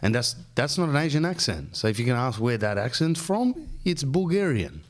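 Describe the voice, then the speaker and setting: A man's voice: mid-range voice, very animated, moderate pace. A man, rambling and joking as a podcast host. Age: 40s. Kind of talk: casual rambling monologue.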